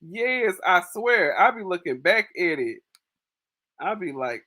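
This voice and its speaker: A young woman hosts a relaxed livestream, talking straight to her viewers with slangy asides and frequent laughter. Her voice sits fairly low but swings widely in pitch, and she takes her time. The sound is dry and close, with no room echo. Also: slow. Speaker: livestream host. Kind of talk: casual live chat reading viewer comments. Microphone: phone.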